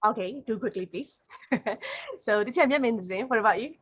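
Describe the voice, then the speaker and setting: Brisk woman leading an online class. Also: a little high, husky. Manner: brisk, prompting and spelling out words.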